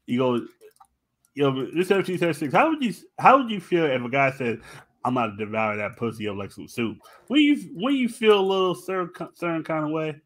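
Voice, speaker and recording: A man's voice: fairly high pitch, expressive, brisk. A man co-hosting a podcast, bluntly ribbing the others in casual banter.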